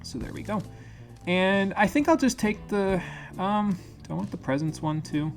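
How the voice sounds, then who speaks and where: A man's voice: high voice, animated, normal speed, soft background music. A man live-streaming a video game, chatting casually and thinking aloud, with the occasional curse. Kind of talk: live gameplay commentary.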